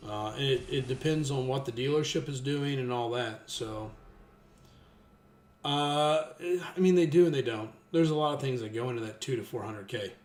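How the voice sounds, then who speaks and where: A man in his thirties telling a long, rambling story in casual chat, restarting often and getting lively when he quotes people. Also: medium pitch, moderate pace. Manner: rambling with many restarts, animated when quoting others. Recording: echoey room with faint music.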